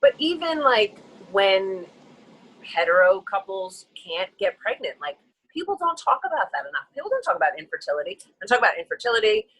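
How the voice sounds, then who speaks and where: A woman tells a personal story in an open, emotional way, with a bright, ringing tone. She rambles a bit with fillers and slips into different voices when quoting others. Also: mid-range voice, brisk, slightly rough, poor audio. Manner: animated, acts out quoted people in shifting voices. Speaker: guest.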